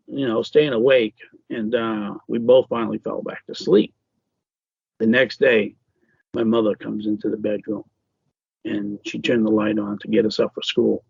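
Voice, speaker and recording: A man being interviewed as an author, telling a personal ghost story in a halting way with many fillers and restarts. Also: medium pitch, vocal fry, husky, no echo, muffled recording.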